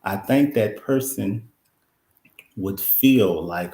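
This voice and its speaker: A man co-hosting a casual chat about a reality show, making his point in a measured, halting way. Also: lowish voice, a little mellow. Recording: echoey room.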